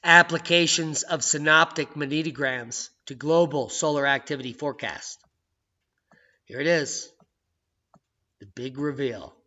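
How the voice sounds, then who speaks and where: A man hosting his own video channel, talking in an excitable, jokey way that swings from loud outbursts to hushed asides. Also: fairly high pitch, a little slow, pauses often. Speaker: channel host. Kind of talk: casual video commentary. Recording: dull lo-fi sound.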